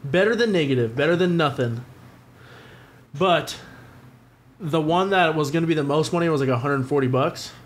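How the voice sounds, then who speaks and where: A man's voice: on the high side, moderate pace, long pauses, a little hiss or hum. Profane storytelling podcast guy. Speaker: podcast co-host. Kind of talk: casual chat.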